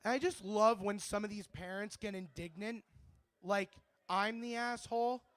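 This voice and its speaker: Brash high-voiced young comedian. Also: male voice, moderate pace, a bit bright, smooth, dry recording. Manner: brash, rambling, swearing. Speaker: stand-up comedian. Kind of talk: stand-up comedy set. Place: bar open-mic stage.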